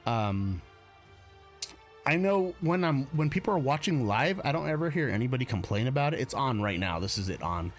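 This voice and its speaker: A man's voice: mid-range voice, sing-song, normal speed, faint music behind. A man from the United States hosting a live stream, chatting casually in a rambling, self-correcting way with frequent chuckles. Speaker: streamer host.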